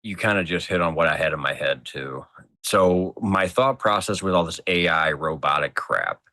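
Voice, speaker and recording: A man's voice: sits low, normal speed, pushed and bright, no echo. A man guest on a casual talk show, thinking aloud and making emphatic points. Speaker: podcast guest. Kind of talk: casual chat.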